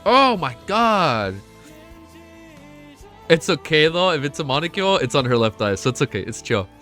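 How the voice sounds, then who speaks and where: Excitable young man streaming, lively pitch. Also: moderate pace, soft background music. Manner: excitable, swears often, talks to chat. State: emotional, close to tears. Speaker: streamer reacting to a web novel. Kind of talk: casual live-stream chat.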